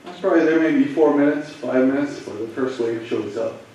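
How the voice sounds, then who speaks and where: A man, a police officer, telling students a personal story in a halting, emotional way. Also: a little high, warm tone, muffled recording, slight background noise. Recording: echoey room, voice from far off.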